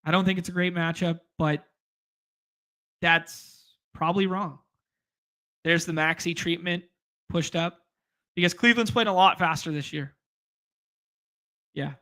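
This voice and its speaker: A man hosting a fantasy sports live stream in a loose, rambling way, tossing in jokes and shout-outs to chat. His voice sits a bit high and sounds bright and forceful. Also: measured pace, pauses often. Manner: rambling, jokey, reads chat aloud. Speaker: fantasy sports podcast host.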